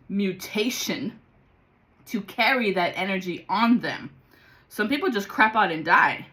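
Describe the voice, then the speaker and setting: A woman giving a rambling, excitable spiritual vlog monologue as a card-reading guide, swearing freely. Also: mid-range voice, low-quality recording.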